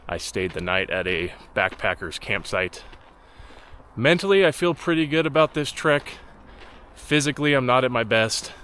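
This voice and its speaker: A man narrating his long-distance hike in a dry, deadpan vlog style, delivering jokes flatly. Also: medium pitch, normal speed, slight background noise. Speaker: hiking vlogger. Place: outdoors on a mountain trail.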